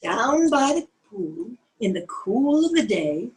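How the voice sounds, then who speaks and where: A woman's voice: a little high, sing-song, slow, hardly any pauses, low-quality recording. An older woman reading a picture book aloud to young children, sing-song and asking them questions along the way. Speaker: children's storyteller.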